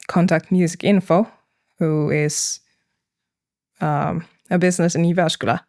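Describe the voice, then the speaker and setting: A young woman, a band's business person and vocalist, talking things over hesitantly in a casual podcast conversation. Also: low-pitched. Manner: thoughtful, hesitant, with frequent fillers and laughs. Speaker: band manager and vocalist, podcast guest.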